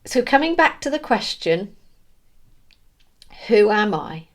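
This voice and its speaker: A woman giving an earnest, emotional spiritual monologue, halting and restarting as she searches for words. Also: medium pitch, big pitch swings. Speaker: spiritual vlogger.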